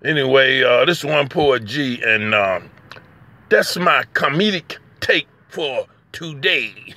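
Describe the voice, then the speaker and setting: Sixty-something guy, gravelly and bright, keeps chuckling through his rambling comedy bit. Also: medium pitch, very animated, slow. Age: 60s. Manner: chuckling, rambling, laughs between phrases. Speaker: poet and comedy vlogger. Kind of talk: casual comedic monologue.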